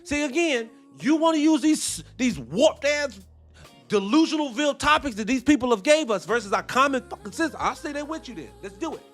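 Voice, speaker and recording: A man's voice: very high-pitched, sing-song, a little fast, faint music behind. A man giving heated, profane reaction commentary, firing off rhetorical questions.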